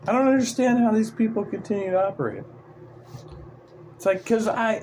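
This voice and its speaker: A man's voice: high voice, normal speed, noisy background. A man hosting a livestream, ranting in an irritated, profane, sarcastic way. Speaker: livestream host. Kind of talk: casual livestream rant.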